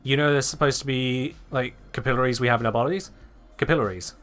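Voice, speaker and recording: A man's voice: medium pitch, steady tone, quick pace, fairly bright tone, faint music behind. Chatty English man streaming live. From England. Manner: chatty, wry, talking to chat. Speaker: game streamer. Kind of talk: casual live-stream chat.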